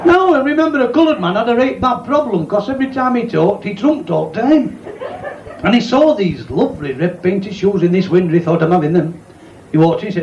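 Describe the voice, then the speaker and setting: A man's voice: high-pitched, big pitch swings, brisk, muffled recording. A man telling crude jokes and bantering cheekily with the crowd at a club. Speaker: club comedian. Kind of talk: bawdy stand-up joke telling. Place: pub or working men's club. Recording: echoey live club recording with loud crowd noise.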